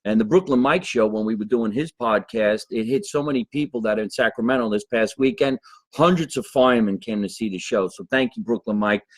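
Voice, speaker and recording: A man's voice: on the low side, fairly quick, no room sound. Comedian guy hosting a live chat, laughs a lot, dry close sound. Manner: laughs often, animated banter with viewers. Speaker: comedian host. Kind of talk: casual live-stream chat.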